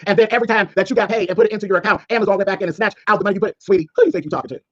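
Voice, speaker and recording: A man's voice: sits high, rapid-fire, highs cut off. A man delivering a sassy, scolding call-out rant as a streamer, mocking his target. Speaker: commentary streamer.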